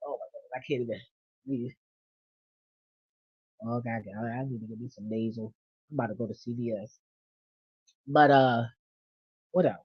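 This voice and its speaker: Deep-ish woman ranting to her cam, cussing, mutters then gets loud, flat dull dry sound. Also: normal speed, long pauses, breathy edge, dry recording. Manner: blunt, profane, swings from low mutters to loud rants. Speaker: vlogger. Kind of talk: casual venting monologue.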